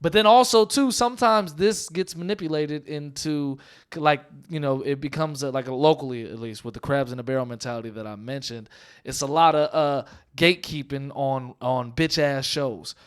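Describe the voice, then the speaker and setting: Clear-voiced man, preachy and profane. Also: mid-range voice, moderate pace. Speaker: stand-up comedian and podcast host. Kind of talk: casual podcast debate.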